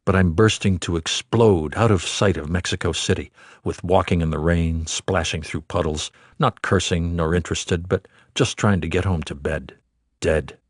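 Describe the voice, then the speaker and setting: Male audiobook narrator, low voice, dry close-mic sound, measured rhythmic delivery of literary prose. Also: no room sound.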